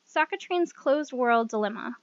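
A woman narrating a visual novel aloud, expressive, with playful asides. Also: a little high, normal speed, dry recording. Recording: dull lo-fi recording with music.

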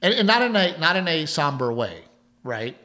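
A man's voice: fairly high pitch, sing-song, normal speed, sharp tone. Rambling laid-back man. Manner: rambling, repeats words, laughs while telling a story. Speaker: podcast co-host. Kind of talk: casual chat, storytelling.

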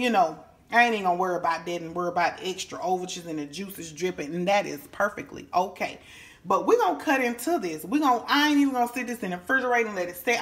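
A woman with a mid-range, fairly bright voice hosts a home cooking vlog from her kitchen. Folksy and exclamatory, she calls her viewers honey and baby and exclaims and hums over the food.

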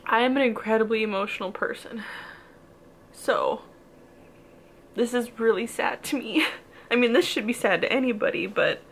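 A woman's voice: fairly high pitch, normal speed, gravelly, long pauses, fairly bright tone, slight background noise. A young woman talking casually in a reading vlog, emotional and rambling, full of "like" and nervous laughs. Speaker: book vlogger.

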